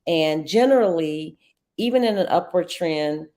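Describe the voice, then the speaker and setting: A middle-aged woman, hosting a casual live trading walkthrough, chatty and quick to laugh. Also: low voice, lively intonation, mellow. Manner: chatty, laughs often, addresses viewers as y'all.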